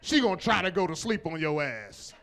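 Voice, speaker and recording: Animated high-voiced stand-up comic. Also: male voice, a little fast. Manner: loud, animated, profane storytelling with crowd work. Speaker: stand-up comedian. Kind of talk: stand-up comedy set. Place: comedy club stage.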